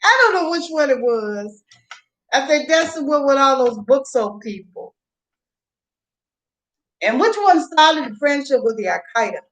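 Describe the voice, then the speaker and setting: A woman's voice: high voice, expressive, measured pace, long pauses. A woman vlogging in a meandering, casual monologue, repeating herself as her thoughts wander. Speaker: mukbang vlogger.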